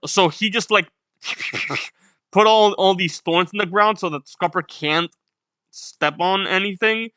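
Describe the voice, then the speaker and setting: A man reading a comic aloud and reacting bluntly, swearing now and then. His speech is unhurried, and his pitch is lively with wide swings. The sound is bright and dry. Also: dry recording. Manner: reads panels aloud, blunt, swears, laughs at the story. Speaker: manga reaction host. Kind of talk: casual read-along reaction.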